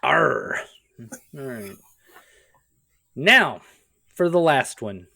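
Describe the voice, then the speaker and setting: A man's voice: medium pitch, normal speed, dry recording, studio quality. Wry man co-hosting a podcast. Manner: relaxed, wry, joking asides. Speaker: podcast co-host. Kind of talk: casual comedic storytelling.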